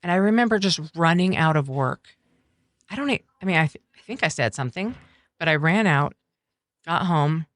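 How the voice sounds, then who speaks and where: A middle-aged woman talking earnestly as a podcast guest, telling a personal story in halting, reflective sentences. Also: low-pitched, animated, dry recording. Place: coffeehouse.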